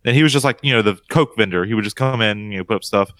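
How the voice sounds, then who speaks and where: A man's voice: on the low side, rapid-fire, dry recording. A man in his thirties from North Carolina, co-hosting a casual podcast, joking and swearing freely. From North Carolina, USA. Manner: animated, swears freely, jokey. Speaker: podcast co-host. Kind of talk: casual chat.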